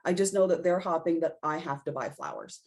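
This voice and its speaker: Female podcast guest, low-pitched, animated conversational storyteller. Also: fairly quick. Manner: animated storyteller acting out her own reactions. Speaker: podcast guest, intuitive reader.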